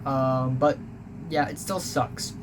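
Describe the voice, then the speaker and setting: A young man recounting school life for his vlog speaks slowly in a mid-range voice, rambling with lots of ums and uhs in an offhand, blunt way. Steady background noise hums through this home recording.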